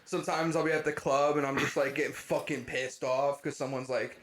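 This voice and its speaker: A man's voice: fairly high pitch, steady tone, brisk, a bit bright, a little hiss or hum. A man from Quebec co-hosting a podcast in casual, cocky, joking chat, swearing freely. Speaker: podcast co-host.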